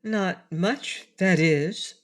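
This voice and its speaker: A woman voicing a hesitant young girl in a storybook reading, in a high, wondering voice. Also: drawn-out words. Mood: uneasy.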